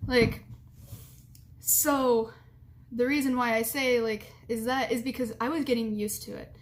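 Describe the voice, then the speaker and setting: A woman's voice: a little high, steady tone, a little slow. A young woman vlogger telling a story and giving advice in a frank, blunt, giggly way, with lots of "like".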